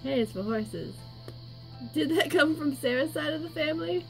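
Young woman, high bouncy voice, giggly co-reader, faint music behind. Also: animated, normal speed, a bit bright. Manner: giggly, playful. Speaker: co-reader of the story. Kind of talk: giggly home-made story reading with voices.

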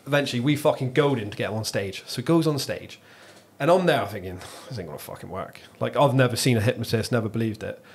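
A man's voice: mid-range voice, fast talker, few pauses, a little hiss or hum. An English man hosting a podcast, telling an anecdote in casual chat with lots of swearing. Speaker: podcast host.

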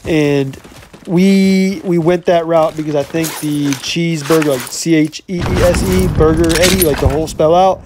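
Young male gaming creator, fairly high voice, upbeat hype commentary over gameplay, full of casual catchphrases. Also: fairly even intonation, moderate pace, background noise. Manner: upbeat hype talk, keeps saying "you know what I'm saying". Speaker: gaming YouTuber.

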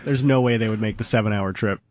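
A man's voice: fairly low pitch, quick pace, crowd noise. A male co-host chatting casually, prompting with questions. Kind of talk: casual talk-show chat.

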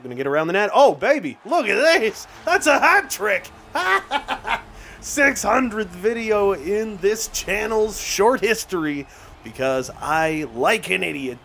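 Excitable man calling his hockey game. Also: on the high side. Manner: play-by-play calling with bursts of excitement and laughs; casual, slangy, talks straight to viewers. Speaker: gaming YouTuber. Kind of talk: excited gameplay commentary.

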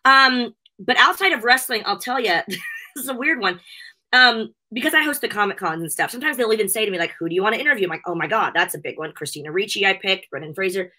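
A woman's voice: medium pitch, lively intonation, fast, pushed and bright. A middle-aged woman chatting as an interview guest, gushing and emotional, laughing often as she talks. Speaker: interview guest, wrestling show host. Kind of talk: casual interview chat.

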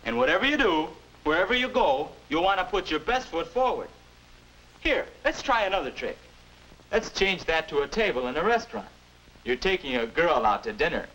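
Playing a friendly young man who turns out to be the boy's future self, this young adult actor narrates and guides a 1950s educational film on manners. His fairly high voice moves at a moderate pace, earnest, instructive, and lively, over a low-quality recording with a little hiss or hum.

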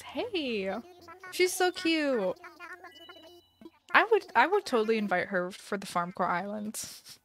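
A young woman casually telling a story while streaming a game, chatty and animated with many fillers and laughs. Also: medium pitch, creaky. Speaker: gaming livestream host.

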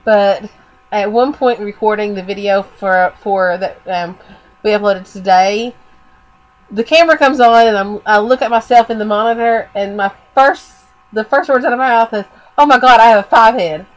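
A woman of medium pitch and moderate pace co-hosts a laid-back podcast conversation. She rambles, leaning heavily on fillers, while a cold leaves her losing her voice.

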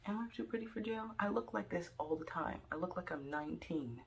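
Young adult woman vlogger, casual storyteller, animated and jokey, gravelly low edge. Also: a little fast, noisy background. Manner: rambling, animated, jokey, full of "like" and "um".

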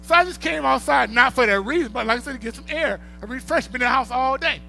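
High, bright-voiced preaching man. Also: fast talker, vocal fry, soft background music. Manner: preaching with rising bursts of volume and storytelling. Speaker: pastor. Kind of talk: sermon.

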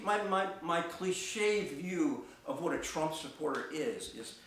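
A middle-aged man telling a personal story on stage, halting, with many restarts and fillers. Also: fairly high pitch, expressive, fairly bright tone. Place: theater stage. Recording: echoey theater from far off.

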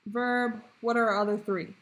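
Lady teacher going over grammar for kids, bit high voice, asks then answers herself. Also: steady tone, moderate pace, fairly bright tone, rough recording. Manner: clear, patient question-and-answer explaining. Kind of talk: recorded grammar lesson for pupils.

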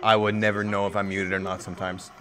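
A man hosting a casual live stream, commenting on a game as it unfolds. He is excitable, swears freely, stumbles over his words and chants players' names over and over. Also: lowish voice, fast.

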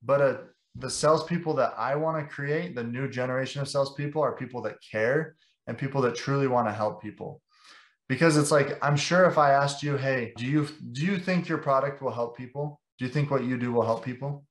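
In a relaxed podcast interview, a young sales director goes on passionately and at length, packing his talk with "like." His voice is medium-pitched and brisk, and it echoes with reverb.

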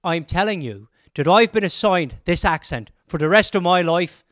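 Picture a brash Irish-accented bloke stuck with his accent forever, squabbling fast and loud with the locals, as a man puts him on. The voice is bright and cutting, recorded close and dry with no room sound at all. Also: high voice, expressive, no echo, voice pushed down. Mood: insistent. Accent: put-on Irish. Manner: loud, heated, rapid banter.

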